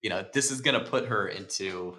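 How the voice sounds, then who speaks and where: A man's voice: on the low side, fairly quick, pushed and bright. A man hosting a podcast, breaking down movie scenes in casual chat, laid-back, swearing and laughing often. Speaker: podcast host. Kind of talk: casual film-analysis chat.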